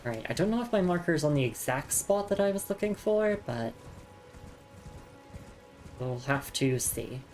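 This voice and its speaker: Woman streamer, very deep voice, relaxed chatty commentary over soft game music. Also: moderate pace, long pauses. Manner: chatty, reads item text aloud. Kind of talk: casual gameplay commentary.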